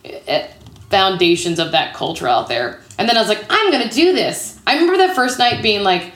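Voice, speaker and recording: A woman's voice: mid-range voice, wildly swooping pitch, fairly quick, a bit bright. A woman in her thirties, an improv comedian telling stories as an interview guest in a chatty way, full of "like". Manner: chatty, peppered with "like". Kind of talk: casual storytelling interview. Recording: roomy echo.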